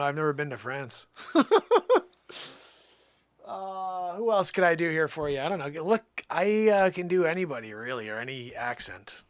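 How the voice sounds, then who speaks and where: A man's voice: on the high side, animated, measured pace, long pauses, fairly bright tone, no room sound, clean studio sound. A man hosting a casual livestream, playfully chatting and trying out silly voices. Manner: playful, laughing, improvising voices. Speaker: livestream host.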